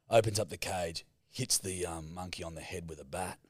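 A man's voice: low-pitched, normal speed, hardly any pauses, darkish tone, no echo, studio quality. A man co-hosting a podcast, swearing constantly and telling crude yarns in casual banter. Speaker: podcast co-host.

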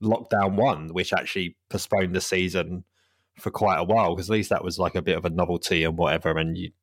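A man's voice: deep voice, fairly even intonation, a little fast, no room sound, clean studio sound. A man hosting a casual football podcast, rambling and laughing often. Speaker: podcast host.

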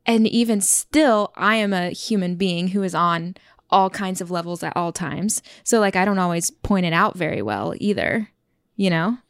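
A woman's voice: on the low side, animated, moderate pace, clear, resonant tone, no echo, clean studio sound. A woman in a casual couples chat, talking freely with lots of "like.". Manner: chatty, frequent "like" fillers.

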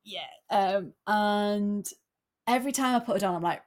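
A woman co-hosting a casual sports podcast, excitable and quick to laugh. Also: mid-range voice. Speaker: podcast co-host.

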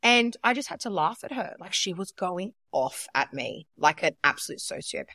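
A woman co-hosting a podcast in casual chat, animated and telling stories with acted-out quotes. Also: fairly low pitch, moderate pace, gravelly, dry recording, clean studio sound. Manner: animated storyteller, acts out quotes. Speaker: podcast co-host.

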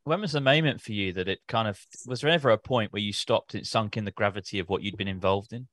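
A man's voice: on the low side, fast, fairly bright tone. A man interviewing a guest, mostly giving short encouraging replies. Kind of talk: podcast interview.

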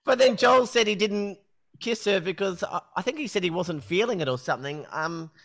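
A man's voice: high voice, expressive, moderate pace, a bit bright. A man hosting a casual interview, playful and gossipy, often stumbling over his words as he asks questions. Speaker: podcast host.

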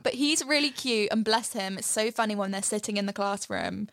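A woman's voice: mid-range voice, fairly quick, fairly bright tone, no echo, studio quality. A woman co-hosting a podcast, chatting casually about a film in a giggly, chatty and affectionate way. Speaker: podcast co-host. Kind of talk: casual film review chat.

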